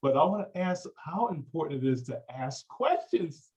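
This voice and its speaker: A man's voice: a little high, animated, moderate pace, a little mellow, slightly rough, rough recording. A man hosting an online talk show, hyping his audience and often repeating himself with a laugh. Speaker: host.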